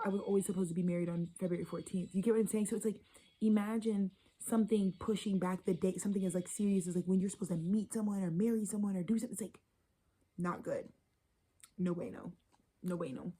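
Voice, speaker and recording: Woman, tarot reader, casual monologue, profane, rambling, warm dark tone, faint background noise. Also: mid-range voice, poor audio. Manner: blunt, profane, rambling and animated; drops into whispers.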